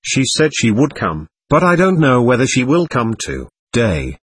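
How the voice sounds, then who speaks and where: Man voicing a timid, gentle younger brother. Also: mid-range voice, wildly swooping pitch, unhurried, breathy edge, no room sound, full character voice.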